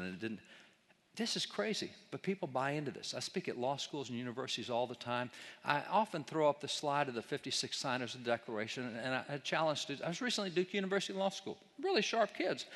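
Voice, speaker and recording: A man's voice: medium pitch, fast, a bit bright. Emphatic man lecturing in a reverberant hall. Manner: emphatic, rhetorical, mocking quoted opponents. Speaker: speaker on history. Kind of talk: lecture with slides to an audience.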